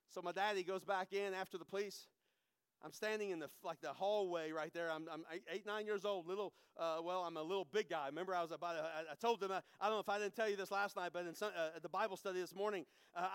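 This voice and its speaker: A high-pitched middle-aged man gives a sermon testimony. His voice is smooth and clear, recorded close and dry with no room sound. He drops to near-whispers and then rises loud, repeating phrases for emphasis. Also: no room sound. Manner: emotional, swings from hushed to loud, repeats phrases. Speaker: preacher.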